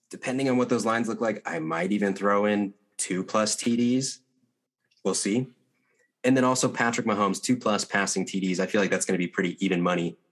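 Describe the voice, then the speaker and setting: Confident low-voiced male co-host. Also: a bit bright. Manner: confident, quick bursts. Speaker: podcast co-host. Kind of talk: casual sports betting chat.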